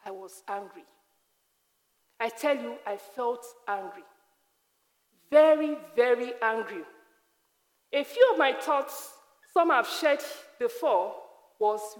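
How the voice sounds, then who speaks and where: A woman from Africa giving a personal testimony sermon, emphatic and repeating phrases slowly. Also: fairly high pitch, animated. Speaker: preacher. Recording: long hall reverb.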